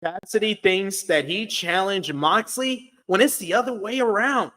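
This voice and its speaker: A man's voice: high-pitched, measured pace, pushed and bright. A man co-hosting a wrestling review show, reading a blunt, wry recap of the episode.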